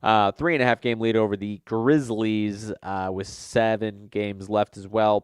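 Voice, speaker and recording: His voice is lowish and smooth, captured as clean studio sound with no echo. He hosts a sports betting show, sounding a little nasal from a cold, and his casual, rambling talk is full of fillers and self-corrections.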